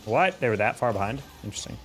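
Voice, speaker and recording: A man's voice: medium pitch, fast talker, faint music behind. A young American man chatting casually while playing, reacting to plays and answering viewers. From United States. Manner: relaxed, reacts aloud to plays, chats with viewers. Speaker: streamer and game analyst.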